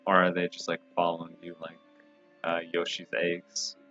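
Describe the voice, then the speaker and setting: A young man with a low, bright voice throws teasing wisecracks while co-streaming a game. His banter is loose and casual. The mic sounds dull and lo-fi, with faint game music underneath. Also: monotone, moderate pace. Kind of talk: casual let's-play commentary.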